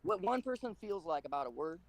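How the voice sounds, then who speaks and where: Fast, high-pitched insistent man. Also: sing-song, a crowd in the background. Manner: insistent, emphatic, talks over others. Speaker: panel guest. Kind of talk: heated live stream argument.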